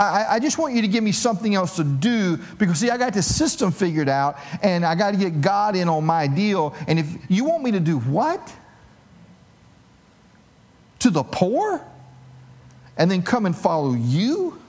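A man's voice: high voice, expressive, normal speed, darkish tone. A preacher doing a stammering, baffled young man. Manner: stammering, incredulous.

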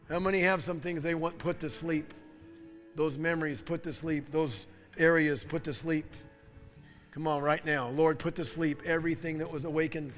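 A man preaching a sermon and leading prayer, fervent and declaring, building to loud repeated proclamations. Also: a little high. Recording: long hall reverb with soft guitar music.

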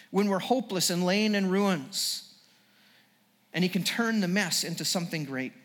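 A man's voice: high-pitched, fairly bright tone, long reverb tail. A male pastor preaching a sermon to a congregation, earnest, with frequent restarts as he builds toward each point.

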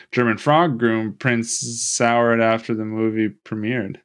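A man's voice: fairly low pitch, fairly even intonation, normal speed, few pauses, fairly bright tone, clean tone. A man on a podcast casually recapping a movie, rambling and joking and acting out the characters' lines. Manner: rambling and jokey, with frequent restarts and playful quoted voices.

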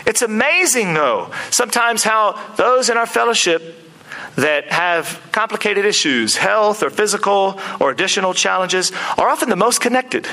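A man preaching a sermon in an animated, conversational way, often acting out quoted speech. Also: sits high, normal speed, low-quality recording. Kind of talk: expository sermon.

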